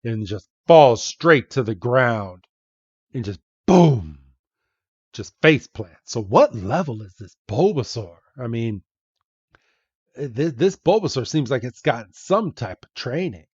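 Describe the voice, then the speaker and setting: In a dry, dull-sounding clip, a male podcast host with a husky, expressive mid-range voice recounts a comic. He takes it slowly, chatting casually and correcting himself often.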